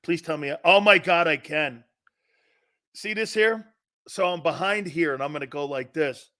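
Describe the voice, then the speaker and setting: Sports talk host, middle-aged man: bright, high voice, animated storyteller who laughs a lot. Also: moderate pace. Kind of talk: casual sports talk show.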